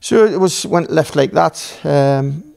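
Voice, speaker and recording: Gravelly Geordie man telling stories. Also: fairly high pitch, takes it slowly, a little mellow. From Newcastle, England. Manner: rambling, swearing, acts out dialogue. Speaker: podcast guest. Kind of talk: casual storytelling.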